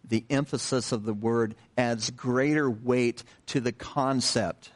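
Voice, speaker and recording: A man preaching a sermon in a conversational way, pausing with fillers and restarting his sentences, and asking the listeners questions. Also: mid-range voice, steady tone. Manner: unhurried, repeats himself with many fillers and restarts; conversational, asks the congregation questions. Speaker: pastor.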